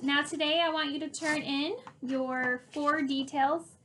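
A woman teacher reading a picture book aloud to her class, explaining things clearly and patiently. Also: high voice, fairly even intonation, unhurried, sharp tone, slight background noise.

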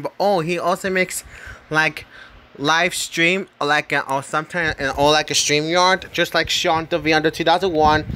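A man with a bright, fairly high voice talks very slowly through a casual on-screen ranking. He rambles, circles back to the same points, and keeps tagging "right?" onto his sentences. He stumbles over names and corrects himself as he goes. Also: a little hiss or hum. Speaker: channel host.

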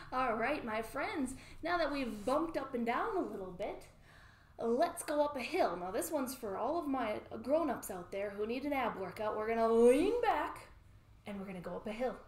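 A woman's voice: fairly high pitch, animated, a little slow, roomy sound. A woman librarian leading a baby lap-sit storytime from home, talking cheerfully and singing rhymes. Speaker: children's librarian. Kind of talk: storytime lesson with songs and rhymes.

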